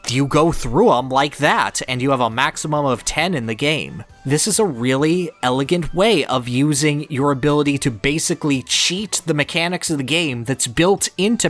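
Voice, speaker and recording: A man's voice: on the high side, fairly bright tone. Passionate man talking video games. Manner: passionate, analytical, fast-flowing opinions. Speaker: podcast co-host. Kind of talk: casual game discussion.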